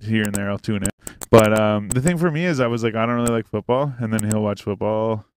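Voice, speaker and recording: A man's voice: on the low side, brisk. Rambling, swearing male podcast host. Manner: rambling, swears often, laughs easily. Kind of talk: casual chat. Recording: faint hiss.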